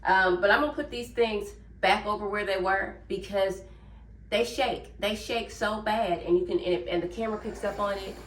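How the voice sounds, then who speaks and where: While cleaning her home kitchen, a Southern-accented vlogger from Memphis, Tennessee chats casually in a lifestyle video. Her voice is medium in pitch and fairly bright, with fairly even intonation at a normal speed. The sound is roomy, captured from a distance off the mic.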